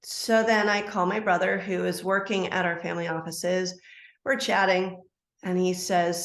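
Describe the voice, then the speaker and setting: A middle-aged woman, a life coach, telling a personal story as a podcast guest, animated and acting out quoted dialogue. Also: fairly low pitch, moderate pace. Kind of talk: storytelling interview answer. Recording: roomy echo.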